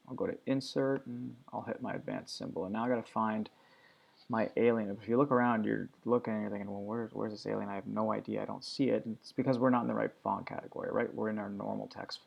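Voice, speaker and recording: Gravelly-voiced man walking through a tutorial. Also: medium pitch, dull audio. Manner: relaxed step-by-step walkthrough talk. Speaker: teacher. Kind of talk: screen-recorded software tutorial.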